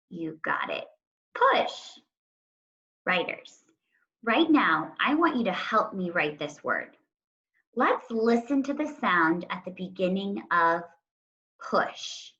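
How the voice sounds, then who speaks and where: A woman teacher talks young children through a writing lesson at an unhurried pace. She speaks deliberately and draws out the sounds of words one at a time. The recording is dull and lo-fi. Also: medium pitch, a bit bright. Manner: slow, deliberate, stretching out word sounds.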